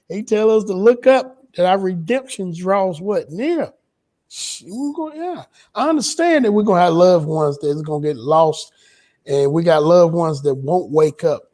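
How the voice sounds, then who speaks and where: A man's voice: fairly high pitch, darkish tone. A man in a religious discussion, speaking in a preacherly way with rhetorical questions.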